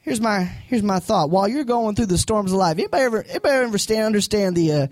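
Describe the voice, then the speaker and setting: A man preaching a sermon as pastor, animated and acting out voices from the story. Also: sits high, very fast, dry recording.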